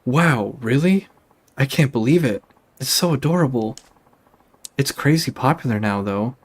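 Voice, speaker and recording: A man's voice: mid-range voice, lively intonation, a little slow. A man reading aloud for a young woman, a sweet, emotional girlfriend in a video game, in a raised voice. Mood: gushing. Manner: gushing then hurt, emotional.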